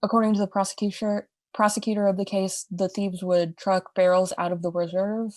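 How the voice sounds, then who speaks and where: A woman's voice: mid-range voice, level tone, a little fast, darkish tone, no echo, clean studio sound. A young woman co-hosting a podcast, telling a crime story in a casual, chatty way with asides and restarts. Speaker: podcast co-host.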